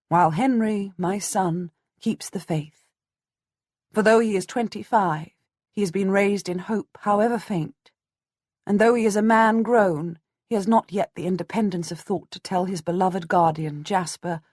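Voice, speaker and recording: A woman narrating a historical audiobook in the first person, measured and earnest. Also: on the low side, a little mellow, breathy edge, dry recording, clean studio sound.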